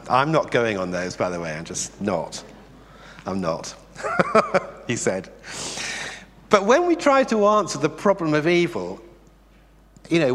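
A man preaching a sermon in a conversational, animated way, asking the congregation rhetorical questions. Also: mid-range voice. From England. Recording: long reverb in a hall.

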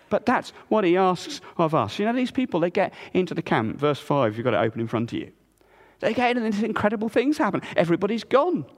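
A man preaching a sermon in a church, swinging between loud emphasis and hushed low tones. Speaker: pastor. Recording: long reverb of a church hall.

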